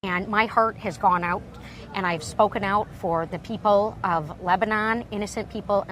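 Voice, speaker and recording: A woman's voice: medium pitch, fairly even intonation, normal speed, a bit bright, poor audio. A woman politician with a Michigan twang, answering an interviewer's questions with evasive, earnest talking points.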